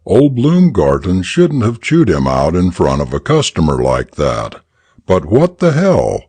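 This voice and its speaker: A man narrating a story for English learners in an expressive, deliberate reading. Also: sits low, breathy edge, dry recording.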